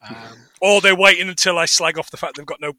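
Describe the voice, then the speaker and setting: Man, podcast co-host, high pitch, very bright, dry close sound, animated and jokey. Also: fast talker, no echo. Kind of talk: casual film podcast chat.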